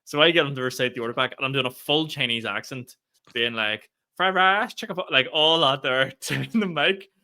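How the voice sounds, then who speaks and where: Male co-host, bright forceful voice, animated storyteller. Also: mid-range voice, brisk. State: feeling under the weather. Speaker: podcast co-host and comedian. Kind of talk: casual chat.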